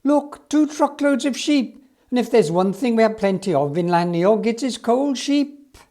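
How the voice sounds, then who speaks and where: A man voicing a grumpy male baker in a storybook reading, shouting in a high, loud voice. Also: lively intonation, a little slow, exaggerated voice. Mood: indignant.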